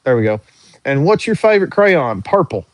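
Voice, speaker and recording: A man's voice: a little high, big pitch swings, normal speed, no room sound. A young man hosting a casual livestream, reading viewer questions aloud and answering them in an easygoing, drawling way. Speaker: livestream host answering chat.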